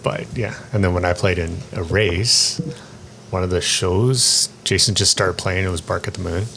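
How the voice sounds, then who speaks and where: Deep gravelly-voiced man telling stories. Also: moderate pace, a little hiss or hum. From Canada. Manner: storytelling, rambling, animated when quoting himself. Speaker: roundtable co-host. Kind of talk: casual chat.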